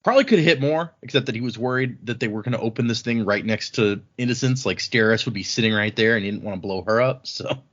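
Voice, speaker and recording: A man's voice: mid-range voice, fast talker, hardly any pauses, lo-fi sound. Rambling man retelling a book scene. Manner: rambling, animated retelling with filler words. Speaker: podcast host. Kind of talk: casual book discussion.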